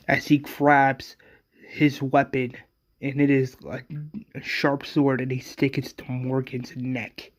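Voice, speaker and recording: A man's voice: mid-range voice, monotone, measured pace. A man casually retelling a fan story, with frequent fillers and restarts.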